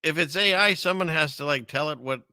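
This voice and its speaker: Gravelly male host, rambling and chuckling, sharp bright tone, dry close sound. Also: a little high, fairly quick, no echo. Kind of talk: casual commentary on clips.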